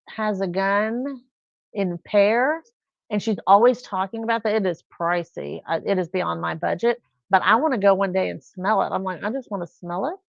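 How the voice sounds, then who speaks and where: On a casual live stream, a woman host rambles through everyday stories in a chatty way. Her medium-pitched voice is gravelly, and the dry recording sounds dull and lo-fi.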